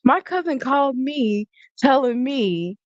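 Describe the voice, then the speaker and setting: A woman co-hosting a casual livestream chat, talking softly and hesitantly with many fillers. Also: high voice, animated, slow, dry recording, lo-fi sound. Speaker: co-host. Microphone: video call.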